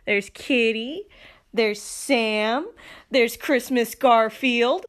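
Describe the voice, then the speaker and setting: A woman's voice: a little high, very slow. A woman in a casual video clip speaking in a matter-of-fact way.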